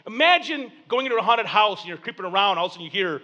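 Animated high-voiced male preacher. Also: rapid-fire, hardly any pauses, muffled recording. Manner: animated storytelling with acted-out voices and jokes. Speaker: pastor. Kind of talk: sermon.

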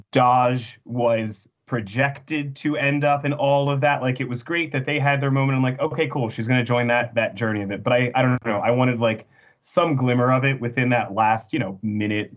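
A man's voice: mid-range voice, muffled recording. A man on a podcast panel, speaking thoughtfully and hesitantly while he searches for words. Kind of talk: casual podcast chat.

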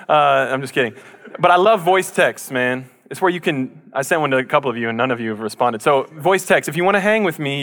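A man preaching a casual, conversational sermon to his church, joking with the crowd and acting out little voices. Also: fairly high pitch. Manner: conversational, jokey, animated impressions. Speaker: pastor.

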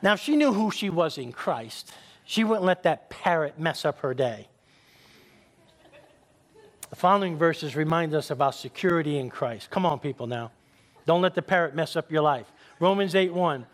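Male pastor, high voice, emphatic sermon delivery with call-and-response. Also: normal speed. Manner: tells jokes as stories.

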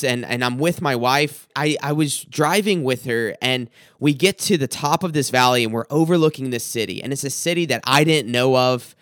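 Halting young man recounting a dream. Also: medium pitch, a bit bright, no room sound, clean studio sound. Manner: hesitant, restarts and repeats words. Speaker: student pastor. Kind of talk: personal storytelling, recounting a dream.

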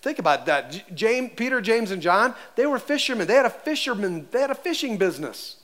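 Animated high-voiced male pastor. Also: a little fast. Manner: animated, conversational, acts out voices. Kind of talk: sermon.

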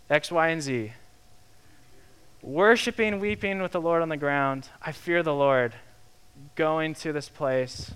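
A young man preaching a sermon in a lively, conversational way, acting out the quotes he tells. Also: a little high, a little slow, smooth. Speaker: pastor.

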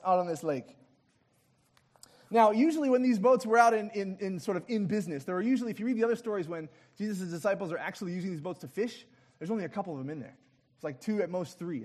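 A pastor with a high-pitched, slightly mellow voice gives an interactive sermon, getting the audience to act out the scene. He's playful, making jokey asides with light laughs.

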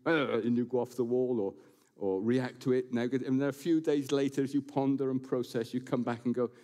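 A man preaching a sermon to his congregation in a church building, animated and quick to slip in jokes and asides. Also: mid-range voice. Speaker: pastor.

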